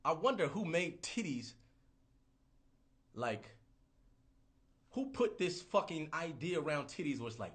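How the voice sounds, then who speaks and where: A man in his thirties ranting casually on a livestream, profane, rambling and animated. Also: a little high, normal speed, long pauses. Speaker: livestream host.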